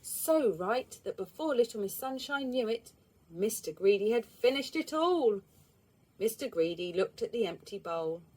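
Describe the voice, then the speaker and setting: A woman reads a children's story aloud, slow and expressive. Her voice sits on the high side and swings widely in pitch. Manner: expressive, lively.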